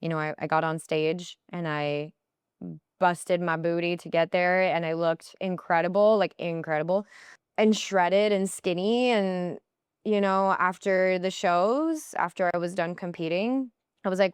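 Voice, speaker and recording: A woman talks through her own stories on a podcast, her voice fairly low but smooth and clear. She often jumps up into high, playful voices to quote herself and friends. The sound is dry and close to the mic. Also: steady tone, unhurried, no echo. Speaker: podcast guest. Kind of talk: conversational interview storytelling.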